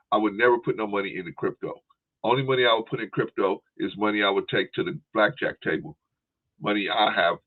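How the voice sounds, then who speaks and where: A male podcast host chatting casually, with a laid-back, rambling manner and frequent "right?" and "y'all". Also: low voice. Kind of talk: casual chat. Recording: tinny phone-like line.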